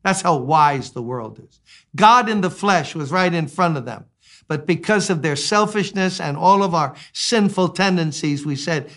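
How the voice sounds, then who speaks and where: A man in his sixties preaching a sermon, animated, swinging between loud exclamations and quiet asides. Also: fairly high pitch, measured pace. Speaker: pastor.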